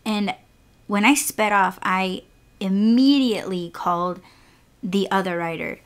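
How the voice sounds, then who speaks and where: A woman's voice: medium pitch, unhurried. A young woman hosting a podcast, casually telling a frustrating rideshare story in a candid, exasperated way, swearing freely. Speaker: podcast host and rideshare driver.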